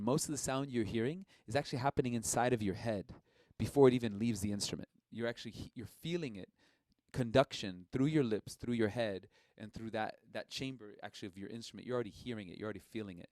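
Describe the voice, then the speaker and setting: A man teaching a live-streamed didgeridoo lesson in a relaxed, conversational way, with frequent fillers. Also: fairly low pitch, no echo.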